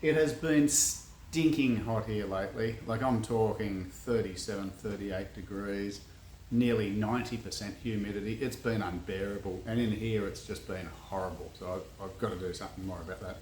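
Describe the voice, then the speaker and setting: Aussie bloke, lowish voice, easygoing shed-talk vlogger, rambling and modest. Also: male voice, steady tone, normal speed, a little mellow, slight background noise. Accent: Australian. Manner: laid-back, rambling, self-deprecating. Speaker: custom car builder. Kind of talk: casual workshop vlog. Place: home workshop shed.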